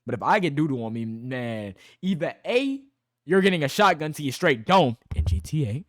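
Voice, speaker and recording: A man's voice: medium pitch, expressive, brisk, a bit bright, no room sound. Young man rambling in dry close sound. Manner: rambling, profane, self-correcting. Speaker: streamer reacting to a video. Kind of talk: casual reaction commentary.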